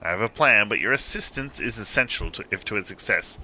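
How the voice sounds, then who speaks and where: A man voicing a stern, dutiful guard officer in a formal, measured way. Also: lowish voice, lively intonation, pushed and bright, a little hiss or hum, rough recording. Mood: grave. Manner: formal, measured reading of quest dialogue.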